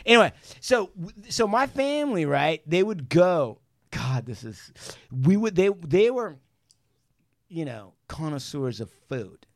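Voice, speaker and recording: A man's voice: measured pace, dry recording, clean studio sound. A man hosting a podcast, telling profane family stories in casual chat and acting out relatives' lines. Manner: animated, profane, acts out relatives in shrill voices. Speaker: podcast host.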